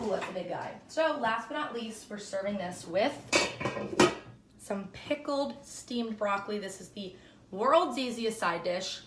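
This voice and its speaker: A woman's voice: mid-range voice, animated, measured pace, far from the mic, heavy background noise. A young woman hosting a home cooking video, chatting casually and upbeat as she walks through a recipe and corrects herself as she goes. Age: young adult. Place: home kitchen. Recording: roomy kitchen sound from off-mic.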